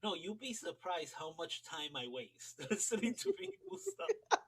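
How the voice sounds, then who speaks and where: Husky, amused American man chatting. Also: high voice, huge pitch swings, unhurried, rough recording. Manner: amused, rambling storyteller. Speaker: regular guest. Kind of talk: casual chat.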